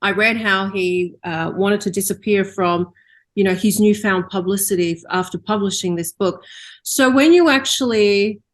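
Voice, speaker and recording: A woman's voice: mid-range voice, moderate pace. Woman hosting a conversational interview. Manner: conversational, asks follow-up questions. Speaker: interview host. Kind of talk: casual interview.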